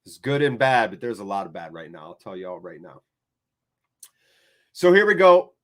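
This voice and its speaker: An American man hosting a live fan watchalong, calling the play and chatting with viewers in an excitable, chatty way. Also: lowish voice, moderate pace. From United States.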